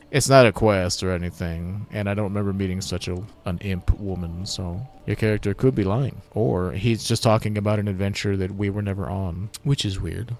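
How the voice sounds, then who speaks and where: A man's voice: deep voice, fairly even intonation, normal speed, few pauses, darkish tone. A man hosting a casual let's-play, blunt and swearing freely. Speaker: gamer and channel host.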